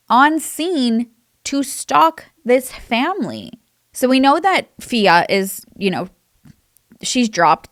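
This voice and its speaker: A woman's voice: medium pitch, no echo, studio quality. A young woman giving casual true crime commentary, chatty and emphatic, with many fillers. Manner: chatty, says "like" a lot; emphatic and indignant.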